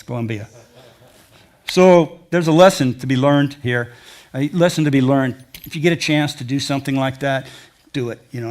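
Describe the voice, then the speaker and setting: An older man giving a presentation to an audience, telling rambling, folksy stories from his travels. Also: mid-range voice. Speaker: adventure travel speaker. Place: lecture hall before an audience.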